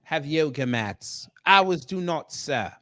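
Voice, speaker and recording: A man doing a pompous, mock-posh British gentleman in comedic banter, clipping "sir" onto nearly every line. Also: on the high side, expressive, takes it slowly, no echo, clean studio sound, full character voice. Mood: condescending.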